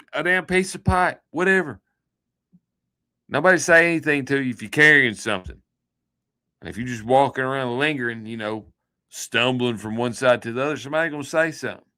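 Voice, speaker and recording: Rambling folksy man with a bright voice. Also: mid-range voice. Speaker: livestream host. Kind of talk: casual livestream sign-off chat.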